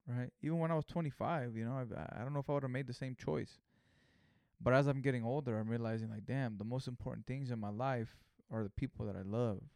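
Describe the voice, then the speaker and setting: A man's voice: medium pitch, a little mellow, no room sound, studio quality. Slangy, rambling man in his thirties. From California. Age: 30s. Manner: slangy and profane, rambling with frequent "you know" and "right?" asides. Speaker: vlogger. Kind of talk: casual storytelling monologue.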